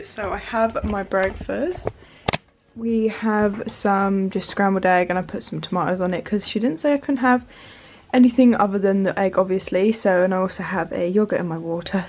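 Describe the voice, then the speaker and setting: A woman's voice: mid-range voice, a little mellow, rough recording. A young woman, chatting casually to camera in a vlog and using plenty of fillers. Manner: chatty, filler-heavy, lots of "literally" and "like". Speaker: vlogger.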